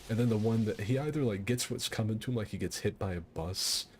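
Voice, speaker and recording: A low-voiced man hosts a game fight night stream, chatting casually. He rambles, restarts his sentences and laughs at his own stories. A faint hum of noise sits under his voice. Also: quick pace, darkish tone. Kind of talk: casual storytelling over gameplay.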